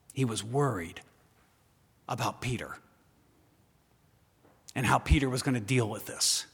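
A man preaching a sermon, speaking straight to his listeners with pointed questions and moving from loud emphasis to a hushed voice. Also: mid-range voice, unhurried, vocal fry, long pauses, husky. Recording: long hall reverb.

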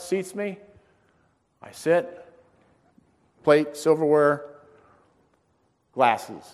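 Male preacher, folksy storytelling sermon, animated, mid-pitched voice, long hall reverb. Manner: folksy, animated, acts out dialogue.

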